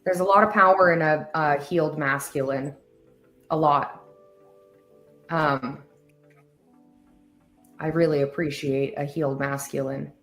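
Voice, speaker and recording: A woman hosting a talk show, speaking earnestly and emotionally with many pauses and fillers. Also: low voice, fairly even intonation, fairly bright tone, soft background music. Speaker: host. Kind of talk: heartfelt casual talk show chat.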